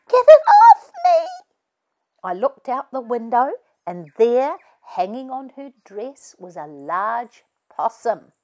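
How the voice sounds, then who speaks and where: Woman voicing an animated mum, lively swooping voice, storybook. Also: mid-range voice. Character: lively storytelling mother of many.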